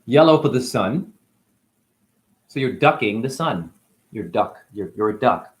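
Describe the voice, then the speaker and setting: A man's voice: on the low side, lively intonation, a little slow. A man acting as a spiritual teacher, talking through a rambling monologue with free-associating wordplay and musing asides.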